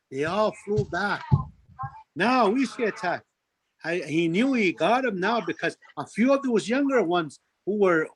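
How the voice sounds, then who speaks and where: A man's voice: high voice, slightly rough, no echo. A man narrating a traditional folk tale with repetitive, rhythmic phrasing. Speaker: storyteller. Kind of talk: oral folk storytelling.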